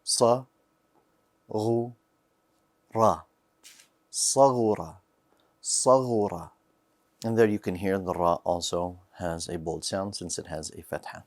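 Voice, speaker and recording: A man teaching a beginners' language lesson at a very slow, careful pace. He sounds out each practice word three times with deliberate pronunciation. His voice is on the lower side, calm and even. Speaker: Arabic teacher.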